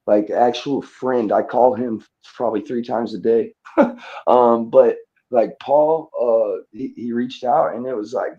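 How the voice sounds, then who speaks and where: Man, casual chat, rambling, halting, mellow dark tone. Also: mid-range voice, lo-fi sound. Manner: rambling and hesitant, many fillers and restarts. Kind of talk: casual chat on a live audio space.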